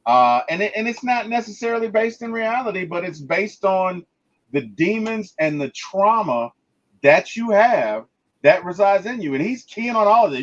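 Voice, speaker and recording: A man's voice: high-pitched, lively intonation, moderate pace, a bit bright, highs cut off. Emphatic man reviewing a movie. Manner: emphatic, stammers and restarts, retells scenes. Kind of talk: casual movie review chat.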